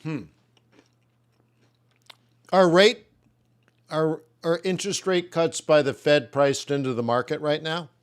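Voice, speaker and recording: A man's voice: fairly high pitch, steady tone, slow pace, pauses often, clean tone. A man hosting a live trading webinar, loosely musing on jobs data and answering viewers' questions in a joking way. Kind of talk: live market commentary to chat.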